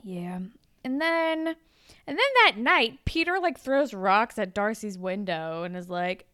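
A woman's voice: measured pace, clean tone. A woman co-hosting a podcast, recapping an episode in casual chat and acting out the characters' lines. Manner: animated, acts out characters' lines in higher voices. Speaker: podcast co-host.

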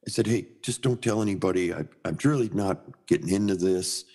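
Speaking briskly with few pauses, this middle-aged sign painter from Minnesota recounts an anecdote in conversation. His voice is on the low side, and he animates the story by performing the characters' voices.

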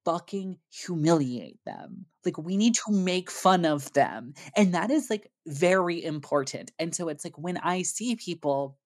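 A woman's voice: fairly low pitch, expressive, unhurried, hardly any pauses. A woman co-hosting a podcast in casual chat, talking in a profane, emphatic rant. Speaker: podcast co-host.

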